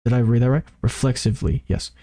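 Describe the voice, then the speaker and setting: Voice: mid-range voice, quick pace, gravelly, warm tone. Rambling casual streamer. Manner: casual, rambling, swears, repeats lines to practice delivery. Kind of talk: live game commentary and reading aloud.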